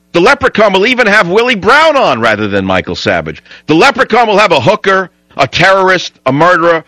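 A man's voice: mid-range voice, fairly bright tone, no room sound, low-quality recording. Combative ranting radio talk host, man.

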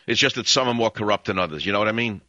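A man's voice: on the low side, very fast, sharp tone, dry recording, muffled recording. A man hosting a call-in radio show in a studio, rambling and sardonic with strong opinions. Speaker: radio talk show host. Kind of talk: talk radio monologue and call-in. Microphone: studio microphone.

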